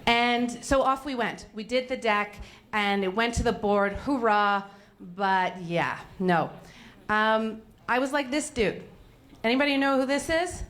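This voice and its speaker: Young woman from Canada telling a frank, swearing, self-mocking story about her failures on stage, at a middling pitch. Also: slow. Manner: animated, candid, self-mocking, swears freely. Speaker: speaker at a failure-stories event.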